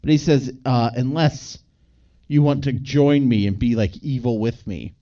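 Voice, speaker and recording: A man's voice: medium pitch, unhurried, warm tone, far from the mic, highs cut off. A man co-hosting a podcast, casually rambling through a movie plot recap with fillers and laughs. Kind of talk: casual chat.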